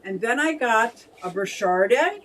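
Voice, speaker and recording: A woman's voice: on the high side, lively intonation, measured pace, fairly bright tone. Giggly chatty woman reading out stream comments, kinda far from the mic, bit of hiss. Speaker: co-host of a fish hobby live stream. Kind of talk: casual live-stream chat reading viewer comments.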